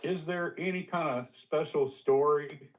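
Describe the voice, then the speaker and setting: A man's voice: on the high side, steady tone, unhurried. A man hosting a casual show who eagerly prompts his guest with questions. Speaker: show host. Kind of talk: casual podcast chat. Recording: distant mic.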